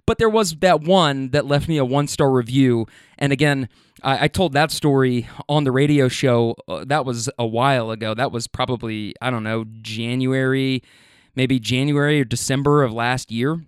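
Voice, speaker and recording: A man's voice: medium pitch, moderate pace, smooth, no room sound, clean studio sound. A young man hosting a casual solo podcast, telling stories in a chatty way, often laughing and acting out what people said. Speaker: podcast host.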